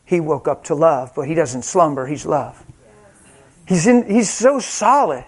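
A male preacher with a high voice tells a personal story in a sermon. He is animated and self-mocking, and he acts out each quoted line. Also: a little slow, husky.

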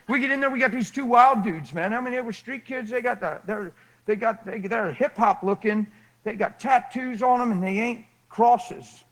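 A man preaching, telling a lively story and acting out the people in it, often laughing as he goes. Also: high voice, poor audio. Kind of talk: animated storytelling sermon.

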